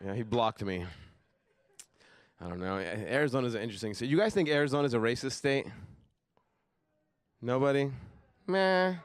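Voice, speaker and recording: A young man doing a stand-up comedy set on a live stage, deadpan, dropping his voice low for asides. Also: brisk, long pauses, no echo, clean studio sound.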